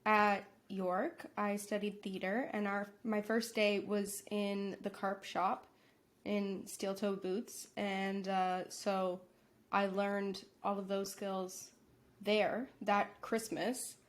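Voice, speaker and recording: A young adult woman with a Canadian accent, a guest actor in a casual chat, friendly and quick to laugh. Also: mid-range voice, little pitch movement.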